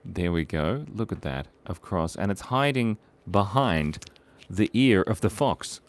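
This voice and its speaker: Deep-voiced playful man drawing live. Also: animated, measured pace. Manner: playful, chatty, reads out viewer suggestions. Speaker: host drawing live for viewers. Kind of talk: casual live drawing stream.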